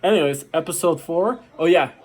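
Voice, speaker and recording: A man's voice: fairly high pitch, brisk, husky. A man hosting an anime reaction video, tired late at night, rambling loosely with fillers and restarts. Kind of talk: casual reaction commentary.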